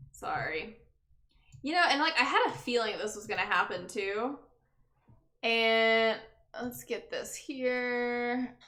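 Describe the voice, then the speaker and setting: Tired young woman streamer, bright highish voice, echoey room, faint music behind. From Texas. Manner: chatty, greets viewers by name, tired. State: exhausted. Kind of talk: casual chat with viewers. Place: her bedroom.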